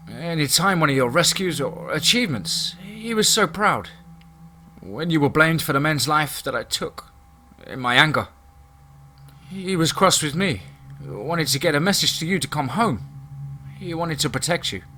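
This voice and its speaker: A man voicing a scheming, elegant young woman in a horror story, speaking in a calm, formal, persuasive way. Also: on the high side, a little hiss or hum.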